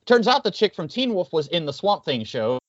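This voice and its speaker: A man's voice: high voice, big pitch swings, fairly quick, dry recording. A man co-hosting a casual podcast, chatty and wry, rambling through his points. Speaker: podcast co-host. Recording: dull, dry lo-fi audio.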